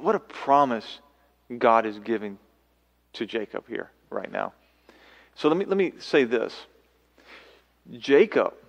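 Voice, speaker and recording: A man preaching a sermon as pastor, animated, voicing scripture quotes with sudden loud calls. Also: on the low side, creaky. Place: church sanctuary. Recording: long church hall reverb.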